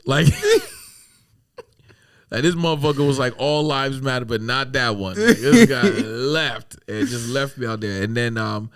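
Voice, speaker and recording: A man telling a story on a podcast, relaxed and animated. He laughs at his own lines often and swears without a second thought. His voice sits at an ordinary middle pitch. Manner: swears freely. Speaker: podcast guest. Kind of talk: casual storytelling.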